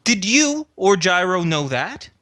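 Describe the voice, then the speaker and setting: A man's voice: mid-range voice, lively intonation, a little slow, fairly bright tone. Game NPC: guarded woman caretaker, voiced by a man, hesitant and defensive, plain mid voice. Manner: defensive, hesitant, restarts sentences.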